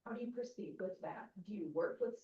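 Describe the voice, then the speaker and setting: Female audience member, hesitant questioner, mellow tone, distant echoey pickup. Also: mid-range voice, animated, a little fast, a little hiss or hum. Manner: asks questions with hesitant phrasing. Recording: distant, echoey, dull room sound.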